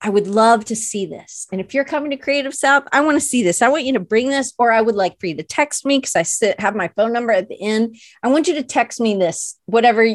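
A woman's voice: a little high, lively intonation, fairly quick, few pauses, dry recording, clean studio sound. Chatty rambling woman podcast host. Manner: rambling, chatty, many "like" fillers; self-deprecating and playful. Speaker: podcast host and illustration teacher. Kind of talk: casual podcast chat.

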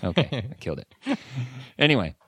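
A man's voice: medium pitch, huge pitch swings, a little fast, fairly bright tone, husky, dry recording, studio quality. A young man co-hosting a casual podcast for language learners, joking and laughing easily. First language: English. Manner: jokey, laughs often. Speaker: podcast co-host.

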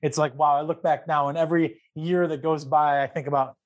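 A male interviewer with a fairly high voice asks long, winding questions. He sometimes stops to hunt for the right word before he goes on. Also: fairly even intonation, brisk. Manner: searching for words, long rambling questions.

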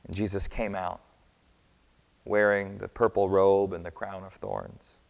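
A man narrating a scripture story in a measured, expressive reading. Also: low-pitched, vocal fry. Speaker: scripture reader. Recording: long hall reverb.

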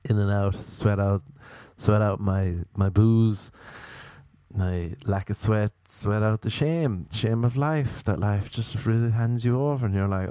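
A man's voice: fairly low pitch, moderate pace, warm tone, no room sound. A man doing a stand-up comedy monologue, rambling and self-mocking with crude jokes.

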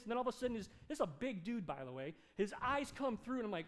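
A male pastor preaching a sermon, telling a story with animated delivery and acted-out dialogue. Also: sits high, quick pace. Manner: animated, acts out dialogue in his stories.

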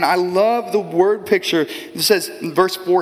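A man in his early forties preaching a sermon in a conversational, animated way with casual asides. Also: sits high, moderate pace, few pauses. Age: 40s. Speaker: pastor. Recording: long hall reverb.

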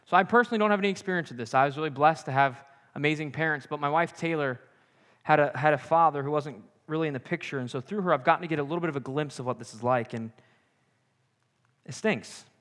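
A young man preaching a sermon with animated, joking asides. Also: a little high. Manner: animated, jokey asides and acted-out quotes. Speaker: pastor. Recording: long hall reverb.

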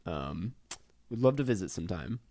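A man's voice: low-pitched, big pitch swings, moderate pace, mellow. A man co-hosting a casual podcast, talking loosely with lots of ums and laughs. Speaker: podcast co-host. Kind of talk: casual chat.

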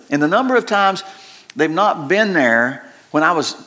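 Male pastor, middle-aged, slightly high voice, folksy and rambling sermon delivery. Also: animated, moderate pace, pushed and bright. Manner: folksy and joking, rambling with many restarts.

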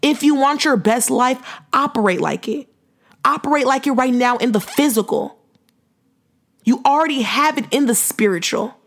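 A young woman with a somewhat high voice hosts her own podcast, delivering a fervent faith testimony. She speaks in a driving preaching cadence, hammering phrases again and again in casual slang. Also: lively intonation, moderate pace. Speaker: podcast host.

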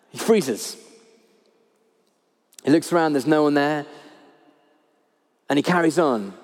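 A man preaching a sermon, speaking with lively emphasis and repeating his key phrases. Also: a little high, measured pace, long pauses, long reverb tail. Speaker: pastor. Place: church hall.

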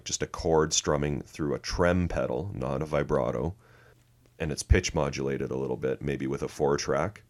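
A man co-hosting a music podcast, walking through a record track by track in casual chat, dry and sarcastic with frequent laughs. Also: very deep voice. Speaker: podcast co-host.

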